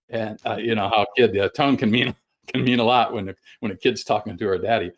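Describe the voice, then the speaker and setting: A middle-aged man presenting a webinar over a video call, folksy and halting, with many fillers and restarts. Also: on the low side. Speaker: guest sales trainer.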